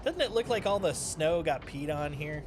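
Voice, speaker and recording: A man's voice: a little high, animated, moderate pace. A young man streaming a game, chatting casually with playful, jokey asides. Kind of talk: casual gameplay commentary. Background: game music.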